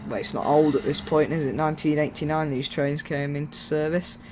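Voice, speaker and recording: A man's voice: on the high side, level tone, brisk, noisy background. A man giving casual, jokey, rambling commentary while playing a train simulator, with faint game sounds behind him. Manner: rambling, jokey, self-mocking. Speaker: gaming YouTuber.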